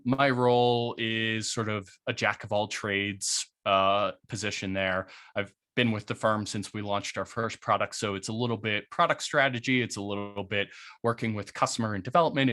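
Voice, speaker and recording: A man being interviewed on a podcast, talking casually about his work with plenty of fillers. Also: fairly low pitch. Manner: relaxed, chatty, many fillers and likes. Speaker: guest, head of strategy at a crypto firm.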